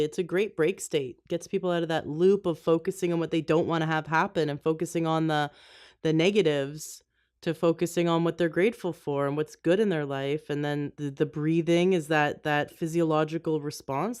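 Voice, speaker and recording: Low-voiced enthusiastic woman host. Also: a little fast, darkish tone. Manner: enthusiastic, affirming responses. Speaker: podcast host. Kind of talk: casual interview chat.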